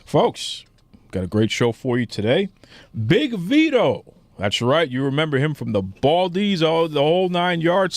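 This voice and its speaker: A man's voice: mid-range voice, no room sound. A man hosting a podcast in a casual, teasing banter with his co-host. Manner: teasing, mock-indignant.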